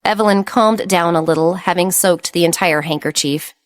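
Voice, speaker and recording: A woman narrating an audiobook romance in steady scripted narration. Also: fairly low pitch, normal speed, no room sound.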